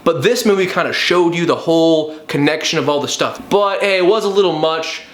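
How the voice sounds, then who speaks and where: A man's voice: on the high side, fairly quick, fairly bright tone, roomy sound. A young man reviewing a movie in a sarcastic, profane comic rant, often slipping into mock voices.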